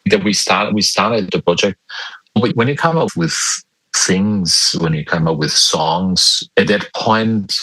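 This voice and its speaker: A man as a podcast guest, chatting casually in a joking, halting way with many restarts. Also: low-pitched, bright, forceful tone, slightly rough, dry recording, rough recording. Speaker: guest guitarist. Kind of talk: casual interview chat.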